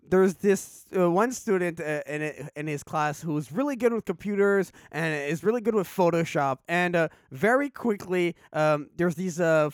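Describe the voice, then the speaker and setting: A man's voice: fairly high pitch, dry recording, studio quality. A man hosting a casual chat, rambling with lots of fillers and restarts, acting out characters in his retelling. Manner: rambling, filler-heavy, acts out characters mid-story.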